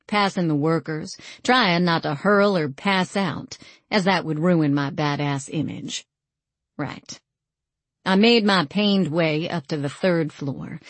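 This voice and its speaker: A woman narrating a first-person novel in a wry, measured way, recorded on a close studio mic. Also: sits low, no echo. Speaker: audiobook narrator.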